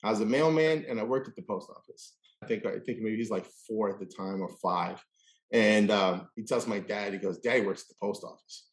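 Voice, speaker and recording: Male podcast host, casual chat, animated storyteller doing the quoted voices, roomy echo. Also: on the low side, fairly quick.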